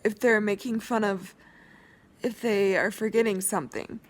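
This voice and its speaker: A woman's voice: medium pitch, steady tone, moderate pace. A young woman vlogging an emotional rant to her viewers, rambling with many restarts and growing insistent.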